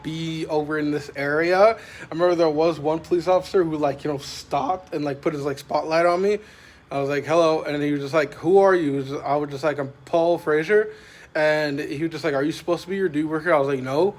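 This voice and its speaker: A man's voice: a little high, a little hiss or hum. Rambling man, filler-heavy vlog chat. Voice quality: filler-heavy, meandering, says "like" constantly. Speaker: vlogger. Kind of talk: casual rambling vlog talk. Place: parked vehicle at night, microwave nearby.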